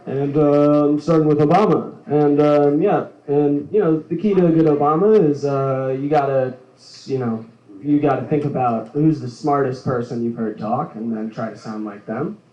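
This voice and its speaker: A man's voice: on the high side, fairly even intonation, warm tone. Giggly rambling male stand-up comic. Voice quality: halting, filler-heavy delivery with frequent giggles. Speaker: stand-up comedian. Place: comedy club stage. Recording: roomy, dull live recording.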